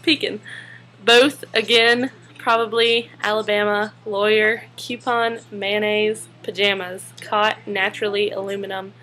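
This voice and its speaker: Young woman, giggly and casual, mid-pitched voice. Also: level tone, measured pace, few pauses, sharp tone. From Spartanburg, South Carolina. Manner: giggly, laughs between words. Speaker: vlogger. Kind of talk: casual chat reading a word list.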